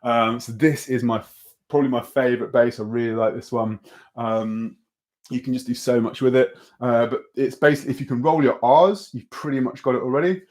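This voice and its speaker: A man's voice: medium pitch, fairly quick. A young man teaching an online beatbox workshop, easygoing and encouraging, with lots of ums and restarts as he explains. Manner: relaxed, encouraging, full of fillers and restarts.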